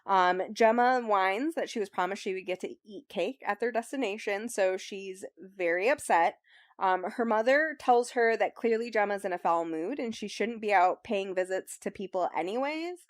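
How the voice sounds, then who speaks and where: A woman's voice: mid-range voice, normal speed, no echo, studio quality. A young woman hosting a book club, casually recapping a novel in a chatty way with lots of fillers. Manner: chatty, filler-heavy recap with frequent ums and likes. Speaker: book club host summarizing the book. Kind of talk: casual chat.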